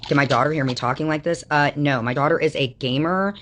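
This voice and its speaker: A woman's voice: sits low, quick pace. A woman livestreaming, ranting at her chat in a combative, mocking way with constant profanity.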